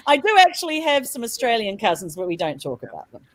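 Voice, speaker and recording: A woman's voice: medium pitch, fairly quick. A woman from New Zealand with a New Zealand accent, co-hosting a casual podcast chat and laughing often as she tells stories. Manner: laughs often, animated storytelling. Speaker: podcast co-host.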